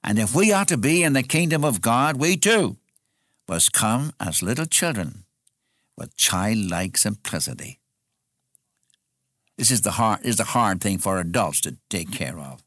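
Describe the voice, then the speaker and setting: A man's voice: on the low side, sing-song, a little slow, a bit bright, dry recording, clean studio sound. A man preaching an expository sermon in an earnest way, repeating phrases for emphasis.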